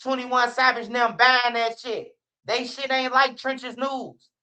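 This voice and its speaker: A man's voice: very high voice, fairly even intonation, unhurried, bright, forceful tone. A man from Chicago with a Chicago accent, hosting a livestream and giving blunt, profane street-talk commentary. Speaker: livestream host. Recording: muffled lo-fi stream audio.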